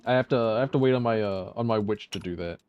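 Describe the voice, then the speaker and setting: A man's voice: on the low side, fast talker, a little mellow, smooth, dull audio. A man streaming a video game, talking casually in a rambling, profane, self-mocking way. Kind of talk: casual gameplay commentary.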